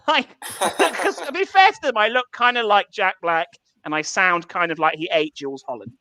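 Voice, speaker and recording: A man's voice: sits high, animated, normal speed, bright, forceful tone, no room sound. An English man doing stand-up over a video call, swearing freely and laughing at his own jokes. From England. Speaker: stand-up comedian.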